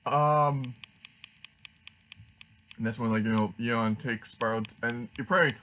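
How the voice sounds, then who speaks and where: A man sharing a fan theory in a casual vlog, rambling and halting with many restarts. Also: mid-range voice, a bit bright, poor audio. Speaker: fan vlogger.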